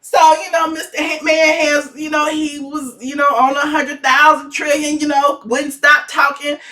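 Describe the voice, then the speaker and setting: A woman giving sassy, dramatic gossip commentary in a vlog, her voice swooping into high shouts. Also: little pitch movement, normal speed, distant mic. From Atlanta, USA. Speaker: gossip vlogger.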